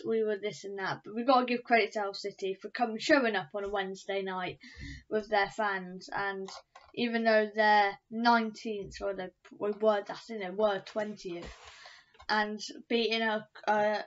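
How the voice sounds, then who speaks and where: A woman giving a fan's match review vlog, ranting in frustration and repeating herself. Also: a little high. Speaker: football fan reviewer. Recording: dull lo-fi recording.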